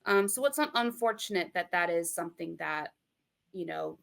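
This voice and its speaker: With a lowish, animated voice, vocal fry, and a normal pace, a young Midwestern woman from Michigan, USA, answers interview questions. Her casual, thoughtful talk is full of fillers and restarts.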